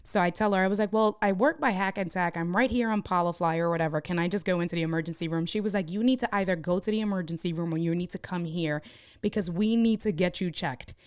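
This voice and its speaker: A young woman telling a story to her live stream viewers, casually and animatedly, jumping up in pitch when she acts out the people in it. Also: fast, clear, resonant tone, no echo, clean studio sound. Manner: animated, acts out quoted voices with jumps in pitch.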